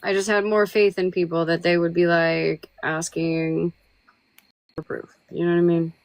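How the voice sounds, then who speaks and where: A woman's voice: fairly low pitch, level tone, moderate pace, no room sound, poor audio. A woman hosting a casual livestream chat, blunt and given to repeating herself, now and then swearing. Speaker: livestream host.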